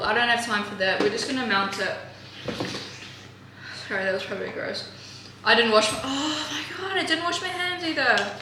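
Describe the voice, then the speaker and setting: A woman's voice: fairly high pitch, echoey room. A young woman from New Zealand with a New Zealand accent, chatting offhandedly and jokingly while she bakes for a cooking vlog. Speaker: cooking vlogger. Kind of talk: casual cooking vlog chat.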